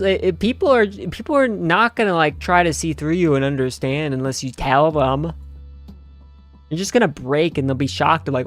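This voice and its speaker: A man's voice: fairly high pitch, normal speed, no room sound, faint music behind. A tired young man streaming his reaction to a game story, rambling sarcastically in slang with plenty of fillers. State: tired, half asleep. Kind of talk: casual rambling commentary.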